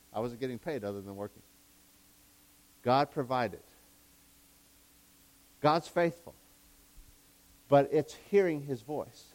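A man preaching a sermon, excitable, swinging between loud fervent bursts and quiet asides, laughing at his own jokes and backpedaling on his wording. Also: medium pitch.

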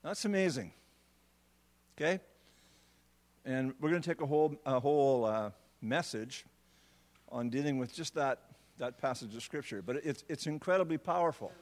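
A man preaching a sermon, repeating words as he restarts phrases and building to emphatic, drawn-out words on key points. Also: mid-range voice, lively intonation, big-room sound.

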